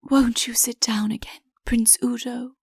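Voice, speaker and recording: A woman voicing a scheming, flirtatious countess in an audiobook, with a breathy, whispery delivery and a put-on meekness. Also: a little high, level tone, unhurried, darkish tone, dry recording, clean studio sound. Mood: cooing whisper. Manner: coy, feigns meekness. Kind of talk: audiobook character voice.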